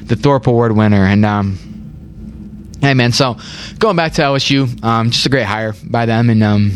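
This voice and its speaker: A young man hosts a casual sports chat in a mid-range voice at a moderate pace, with slight background noise. He rambles, repeats words and says "like" a lot.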